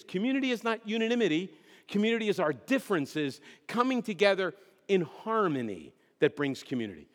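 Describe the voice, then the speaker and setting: A man's voice: high-pitched, a bit bright. A middle-aged male pastor preaching a conversational sermon, joking and putting questions to the congregation. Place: church sanctuary. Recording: long hall reverb.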